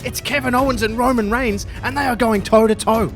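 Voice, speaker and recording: A man narrating a scripted story in an upbeat, energetic way. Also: extremely high pitch, a little fast, soft background music. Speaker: YouTube storyteller.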